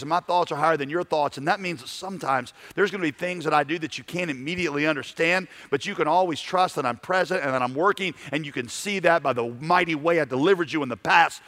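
A man's voice: on the high side, a little fast, hardly any pauses, pushed and bright. A male pastor preaching a sermon, acting out voices and stammering through restarts.

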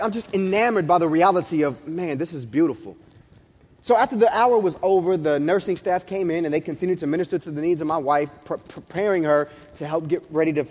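A man in his thirties preaching a sermon as pastor, telling a story in animated street slang and acting out what people said. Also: a little high. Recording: long reverb of a large hall.

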